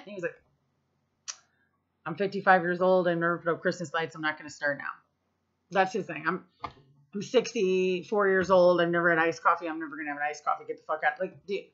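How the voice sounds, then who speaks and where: Vlogger, woman, 30s, from the US; bright, punchy voice, casual and profane, slightly muffled audio. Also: fairly low pitch, steady tone, fast talker. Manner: chatty, profane, full of fillers. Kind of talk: casual storytelling to camera.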